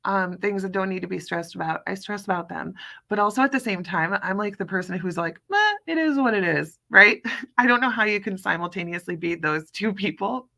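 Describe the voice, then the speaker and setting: A woman's voice: mid-range voice, brisk, vocal fry, sharp tone. A woman in her thirties, hosting a casual chat show and telling stories in a chatty way with lots of fillers. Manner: chatty, storytelling, many fillers. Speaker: podcast host.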